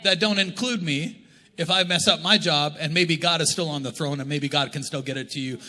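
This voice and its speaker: Bright-voiced preaching pastor, church reverb. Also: male voice, a little high, a little fast. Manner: conversational, joking preaching. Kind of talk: sermon. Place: church auditorium.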